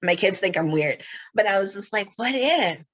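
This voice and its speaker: A woman's voice: mid-range voice, brisk, muffled recording. A middle-aged woman hosting a podcast, chatting casually and laughing often. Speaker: podcast host. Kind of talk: casual chat.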